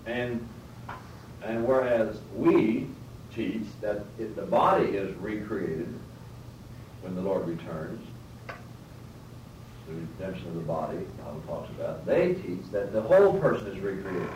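A man's voice: deep voice, lively intonation, a little slow, long pauses, a little mellow. A man teaching a Bible class, explaining step by step, often rephrasing and putting questions to his listeners. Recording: roomy, distant mic, faint background noise.

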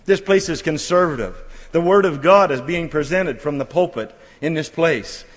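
A middle-aged man preaching at a church camp, folksy and halting with many restarts, building to fervent exhortation. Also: on the high side. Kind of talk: sermon. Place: church camp meeting hall. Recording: long hall reverb.

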